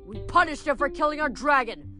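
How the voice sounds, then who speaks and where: A woman's voice: high voice, lively intonation, a little fast, pushed and bright, faint music behind, pitched above the performer's own voice. A woman doing a stern Roman war god.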